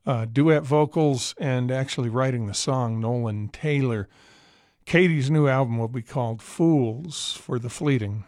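A man's voice: medium pitch, a little mellow, dry recording, clean studio sound. A man hosting a radio music show, chatting casually between songs with some ums and uhs. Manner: chatty, rambling with fillers. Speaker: radio host. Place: radio studio.

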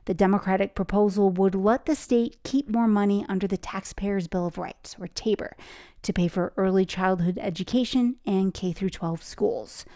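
A woman reporter reading a scripted news report in a steady, informative way. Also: mid-range voice, normal speed, dry recording, studio quality.

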